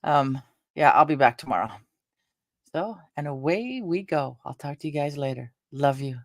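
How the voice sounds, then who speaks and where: A woman hosting a casual live stream, rambling along with halting restarts and fillers, sounding tired and drained. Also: low voice, animated, dry recording, clean studio sound. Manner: meandering, halting talk with many restarts and fillers. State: tired and drained after a stressful day. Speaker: livestream host.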